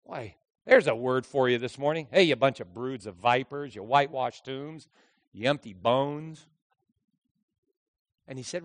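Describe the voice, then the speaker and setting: A man preaching a sermon with passion, swinging from loud outbursts to hushed asides. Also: high voice, very animated, a little fast, no room sound. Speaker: pastor. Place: church.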